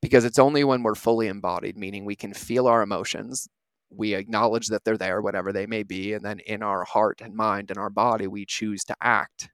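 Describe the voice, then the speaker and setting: A man's voice: lowish voice, no echo. A man in his thirties, a podcast host, giving an earnest, reflective motivational talk and often asking "right?".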